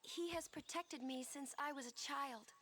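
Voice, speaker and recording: A gentle young summoner from a video game cutscene, speaking softly and earnestly. Her voice sits high and sounds bright and clear. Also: a little slow.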